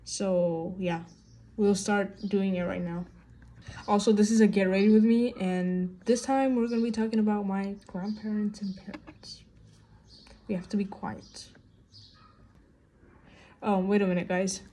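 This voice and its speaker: Rambling young woman, mellow voice. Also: medium pitch, steady tone, moderate pace. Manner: rambling, heavy on fillers like "like" and "you know"; upset and venting. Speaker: vlogger. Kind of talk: casual get-ready-with-me rant. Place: at home indoors.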